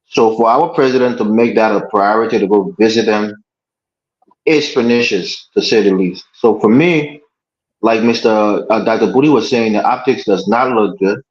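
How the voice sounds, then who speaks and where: A man hosting a political panel discussion, making his case in a measured, argumentative way. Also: fairly low pitch. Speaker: panel host. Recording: echoey room, dull lo-fi audio.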